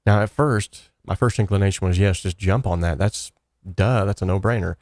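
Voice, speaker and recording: A man telling a personal story about his church and guitars, an animated storyteller who voices the people he quotes. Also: sits low, moderate pace, dry recording, studio quality.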